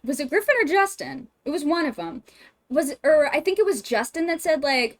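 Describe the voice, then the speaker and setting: A woman streaming at home, chatting casually, emotionally expressive and swearing often. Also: sits high, normal speed. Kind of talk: casual livestream chat.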